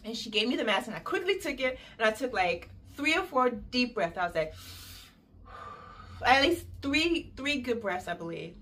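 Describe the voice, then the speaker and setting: A woman's voice: a little high, brisk, few pauses. Chatty woman telling a storytime. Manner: chatty, animated, acts out quotes. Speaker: storyteller vlogger. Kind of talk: casual storytime.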